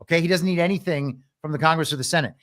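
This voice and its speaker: A man's voice: on the high side, very fast, fairly bright tone. A man co-hosting a podcast, giving emphatic, mocking political commentary. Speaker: podcast co-host.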